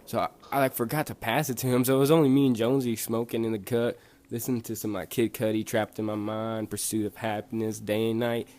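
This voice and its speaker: A man's voice: fairly low pitch, flat delivery, fast talker, darkish tone. A young man from Bosnia casually telling a rambling, profane story full of fillers and restarts. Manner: laid-back, rambling, profane, lots of fillers.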